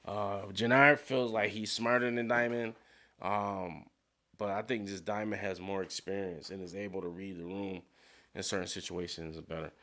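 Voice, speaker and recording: A man casually recapping a TV episode, animated and slangy, with frequent swearing and acted-out character lines. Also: deep voice, normal speed. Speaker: TV show recap commentator.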